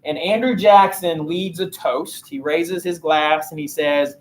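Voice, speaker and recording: A man with a slightly high voice delivers a recorded history lesson. He explains things casually and keeps it light with joking, slangy asides. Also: measured pace. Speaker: history teacher.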